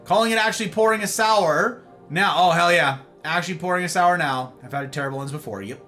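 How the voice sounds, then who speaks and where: A man's voice: high voice, brisk, sharp tone, soft background music. A man live-streaming, chatting casually with his viewers, teasing and greeting them by name.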